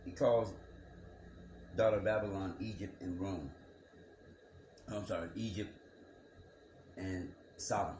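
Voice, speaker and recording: A man's voice: deep voice, steady tone, slow pace, pauses often, darkish tone. A man reading a scripture passage aloud and musing over it, asking rhetorical questions and repeating his words. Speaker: scripture commentator. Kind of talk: reflective bible commentary monologue. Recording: echoey room with background noise.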